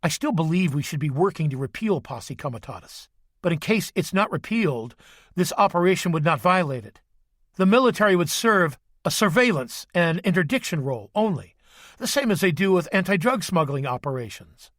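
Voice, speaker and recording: A man's voice: sits high, animated, a little fast, a bit bright, dry recording, clean studio sound. A man reading the lines of a stern, formal male Army sergeant major in an audiobook, firm and clipped.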